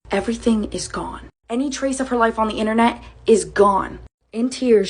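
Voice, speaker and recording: A young woman narrating a movie idea in a dramatic storytelling manner, dropping to hushed tones for suspense. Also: mid-range voice, breathy edge.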